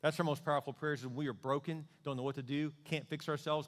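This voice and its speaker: Animated preacher in a reverberant hall. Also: male voice, a little high, fast talker, few pauses. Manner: animated preaching, acting out voices of God and people praying. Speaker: pastor. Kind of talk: sermon.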